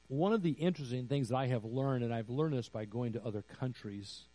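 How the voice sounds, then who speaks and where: A pastor preaching a sermon slowly and deliberately, building to emphatic raised phrases. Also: male voice, medium pitch, dark tone, dry recording, low-quality recording. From United States. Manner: slow, deliberate preaching with rising emphatic peaks.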